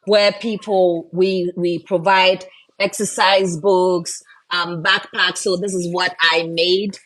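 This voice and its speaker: A woman's voice: fairly low pitch, little pitch movement, slow pace, a bit bright. Chatty woman hosting a live stream. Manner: chatty and encouraging, often tags "right?". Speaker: live-stream host and mother. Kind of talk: casual live-stream chat.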